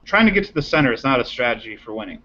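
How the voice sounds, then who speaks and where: A man's voice: mid-range voice, big pitch swings, rapid-fire, sharp tone, highs cut off, a little hiss or hum. A man arguing his case in a political panel discussion, driving points home by repeating them. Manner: argumentative, repeats points for emphasis.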